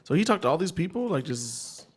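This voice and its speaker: A man's voice: a little high, big pitch swings, brisk, slightly rough. A man co-hosting a podcast, chatting casually and reacting with easygoing, profane remarks. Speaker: podcast co-host. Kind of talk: casual chat.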